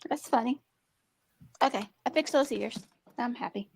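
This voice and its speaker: A woman's voice: fairly high pitch, moderate pace, gravelly, slight background noise. A woman hosting a casual group chat, exclaiming and asking guests about their week. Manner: lively, exclaiming, fussing with her gear.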